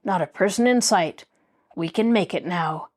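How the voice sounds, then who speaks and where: Woman doing a gruff, sneering riverman. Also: fairly low pitch, normal speed, darkish tone, close to an everyday voice. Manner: gruff, bossy. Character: rough male riverman kidnapper, reckless and sneering.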